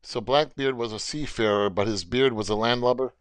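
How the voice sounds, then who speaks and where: Smooth-voiced man asking playful questions. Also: medium pitch, a little fast, no echo. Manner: curious, asks short playful questions. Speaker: user prompting the AI.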